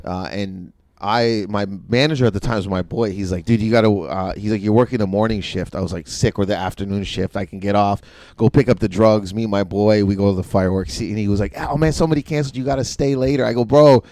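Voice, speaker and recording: A man's voice: lowish voice, fairly even intonation, a little fast, a little mellow, dry recording. A man in his forties from Windsor, Canada, a podcast guest telling a story in casual chat and acting out other people's lines.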